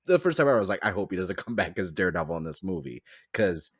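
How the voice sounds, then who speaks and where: A man's voice: low voice, sing-song, fast, breathy edge, dry recording, studio quality. A man hosting a podcast in casual chat, rambling with lots of "like" fillers. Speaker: podcast host.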